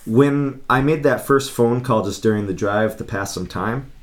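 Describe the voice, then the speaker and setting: A man's voice: medium pitch, normal speed. A man telling a story as a guest in a casual conversation, chatty and laughing between phrases. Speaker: podcast guest.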